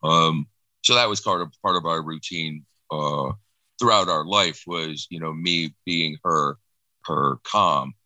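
A middle-aged man with a low, deep voice that still carries a bright, forward edge. He speaks haltingly and reflectively, often restarting his phrases. The recording is dry and close. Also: dry recording, rough recording. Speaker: guest sharing personal loss. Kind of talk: emotional personal account.

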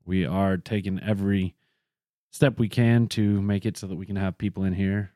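Low-voiced man, chatty podcast host. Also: steady tone, normal speed, warm tone, dry recording, clean studio sound. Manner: chatty, rambling, self-deprecating. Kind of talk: casual podcast chat. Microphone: studio podcast microphone.

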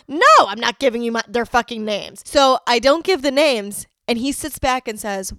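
A woman hosting a podcast, telling personal stories in a frank, profane way, moving from quiet reflection to heated outbursts. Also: fairly high pitch, moderate pace, hardly any pauses, no room sound, studio quality. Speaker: podcast host. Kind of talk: candid personal storytelling.

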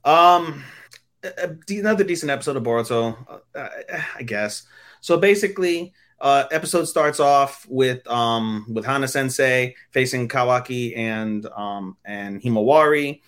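A man's voice: mid-range voice, normal speed, fairly bright tone. Rambling, crude-talking male podcast host. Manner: crude, rambling recaps with lots of fillers. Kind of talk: casual chat.

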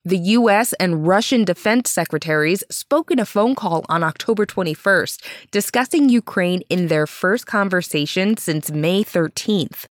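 A woman's voice: lowish voice, animated, normal speed, hardly any pauses, no echo, studio quality. A woman hosting a news show, reading the news in a friendly, upbeat way, with faint music behind her. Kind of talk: scripted news presenting for young viewers.

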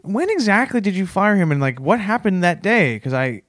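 A man with a slightly high voice hosts an improvised comedy interview. He asks pointed, deadpan questions, recorded dry and close. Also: moderate pace, no room sound. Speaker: podcast host in character.

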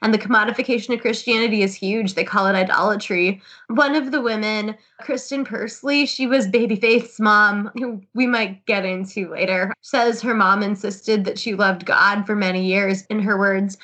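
A woman's voice: mid-range voice, steady tone, moderate pace, few pauses, fairly bright tone. A woman co-hosting a podcast, telling stories in casual chat. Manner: chatty storyteller, laughs while recounting. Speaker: podcast co-host.

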